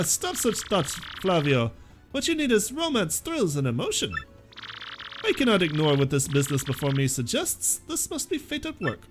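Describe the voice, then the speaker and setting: Man doing a showy merchant captain, pompous, wild pitch swings, odd accent, game music. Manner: grandiose, theatrical, vague foreign-sounding accent. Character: pompous flamboyant male merchant sailor.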